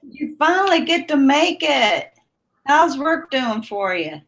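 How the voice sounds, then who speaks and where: Lady hosting a live chat, talks real slow, laughs a lot, easygoing. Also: sits high, very animated, gravelly, a bit bright. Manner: laughs often, drawls words out. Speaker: livestream host chatting with viewers.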